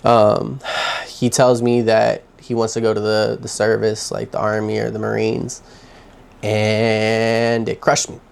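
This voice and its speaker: A young man vlogging from his home, telling his own story in a candid, halting way with heavy sighs. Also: on the low side, little pitch movement, creaky. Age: young adult. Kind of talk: personal confessional story.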